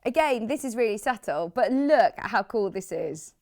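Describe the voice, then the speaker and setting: A woman's voice: a little high, lively intonation, moderate pace, darkish tone. A British woman hosting a live TV shopping show, chatty and rambling, with lots of asides. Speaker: shopping channel host.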